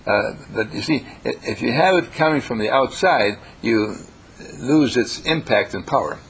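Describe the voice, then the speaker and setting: A man leading a workshop, gently critiquing students' written work with a meandering delivery full of hesitations. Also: medium pitch, lively intonation, moderate pace, slight background noise. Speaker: workshop teacher. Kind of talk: classroom feedback on student writing.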